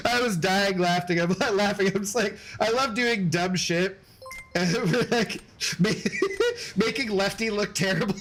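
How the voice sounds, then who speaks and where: A man's voice: sits high, fairly bright tone, slight background noise. A man chatting casually on a gaming livestream, laughing often, swearing loosely and thanking viewers by name. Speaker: streamer.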